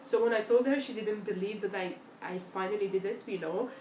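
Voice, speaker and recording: A chatty young woman hosts a casual live Q&A, answering viewer questions with animated storytelling and acting out quoted dialogue. Her mid-range voice moves fairly quickly, in an echoey room with faint background noise.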